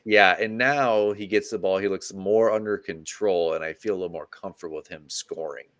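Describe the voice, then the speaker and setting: A man's voice: sits low, a little fast, fairly bright tone. A young man with an American Midwest accent co-hosting a casual sports podcast, laid-back and agreeable. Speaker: podcast co-host.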